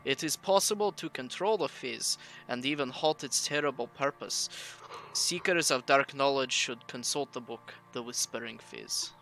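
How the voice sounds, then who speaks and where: A man's voice: mid-range voice, normal speed, a bit bright, faint music behind, lightly acted, rough recording. Man putting on a Russian-accented scholar reading. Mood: solemn. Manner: solemn dramatic reading. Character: Russian scholar reading an occult manuscript aloud.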